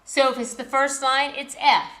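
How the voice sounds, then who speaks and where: A woman music teacher giving a patient, slow lesson to children, counting and repeating as she goes. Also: high voice, level tone, fairly bright tone.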